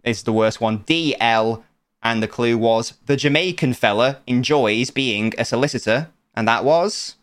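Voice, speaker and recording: A young man hosts a podcast quiz segment in a casual, playful way. His voice is smooth and clear at a middle pitch. He teases his co-host and laughs easily. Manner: playful, teasing, quick to laugh.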